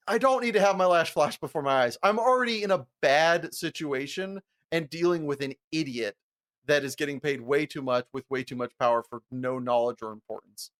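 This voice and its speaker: A young man co-hosting a podcast, telling a long, profane, animated story and often breaking into laughter. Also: on the high side, normal speed. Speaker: podcast co-host. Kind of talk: casual storytelling chat.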